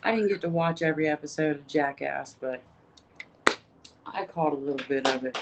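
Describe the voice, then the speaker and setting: A woman's voice: low-pitched, moderate pace. A middle-aged woman livestreaming casual, rambling chat, cussing freely and talking straight to her viewers. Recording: noisy phone livestream.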